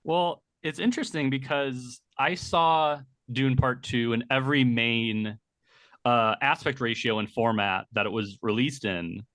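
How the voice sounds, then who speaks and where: A man's voice: mid-range voice, unhurried, a bit bright, no echo. Articulate male interviewer, dry sound. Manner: articulate, long detailed questions. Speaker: interviewer host. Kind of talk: interview questions.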